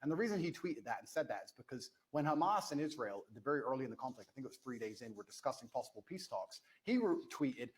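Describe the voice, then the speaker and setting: A man, a guest in an interview, arguing forcefully and indignantly, repeating his points. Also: medium pitch, animated, quick pace, hardly any pauses, poor audio. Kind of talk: heated debate.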